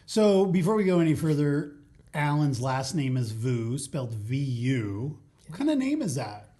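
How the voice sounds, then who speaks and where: A man hosting a casual interview podcast, chatty, with quick reactions and laughs. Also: a little high, big pitch swings, warm tone. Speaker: podcast host.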